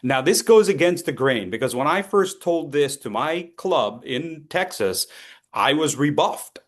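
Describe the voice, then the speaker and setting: A man teaching as a speech coach, lively and playful, acting out his students and throwing in sound effects. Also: on the high side, a little slow. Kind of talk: lively training talk.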